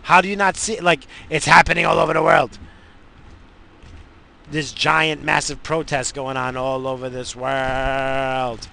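A man's voice: mid-range voice, little pitch movement, a little slow, creaky, bright, forceful tone, slight background noise. A man from the United States hosting a show, ranting in a profane, rambling, fired-up way from inside a car. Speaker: radio show host. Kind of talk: profane casual rant.

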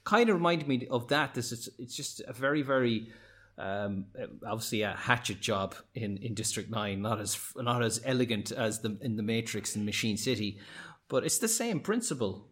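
A man's voice: medium pitch, lively intonation, normal speed, fairly bright tone. A man in a casual film discussion, explaining his ideas and thinking aloud.

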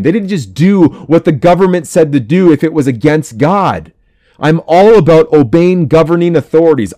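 A man's voice: fairly high pitch, dark tone, no echo. A man hosting a podcast, preaching to men in a fiery, emphatic way and repeating his phrases for force. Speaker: podcast host.

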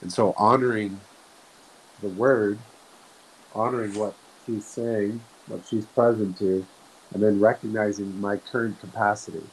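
A man talking slowly and earnestly in a reflective spiritual way, often restarting his sentences. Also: fairly low pitch, steady tone, slightly rough, poor audio. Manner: slow, soft-spoken, earnest, with frequent restarts. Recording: faint hiss.

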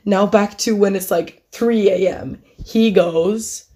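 A woman's voice: medium pitch, slow pace, mellow. A young woman casually telling a personal story, laughing often and acting out what each person said. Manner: chatty, laughing often, acting out both sides of a conversation.

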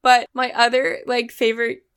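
A woman's voice: on the high side, completely flat delivery, normal speed, fairly bright tone, clear, resonant tone. A young woman co-hosting a casual film podcast, chatty and giggly, full of "like" fillers. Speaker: podcast co-host.

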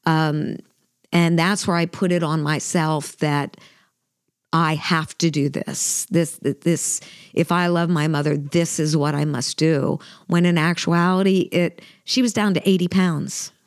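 In a deep, steady voice and measured pace, a middle-aged woman co-hosting a faith podcast tells a heartfelt personal story, earnest and emotional, with frequent fillers and restarts. The studio sound is clean with no room sound.

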